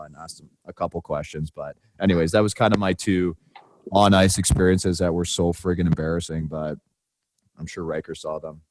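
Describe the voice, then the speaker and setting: A man's voice: deep voice, normal speed, long pauses, no echo. A man co-hosting a podcast, telling a story in casual chat and acting out the quotes in a raised voice. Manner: animated, acts out quotes in raised voice. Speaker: podcast co-host.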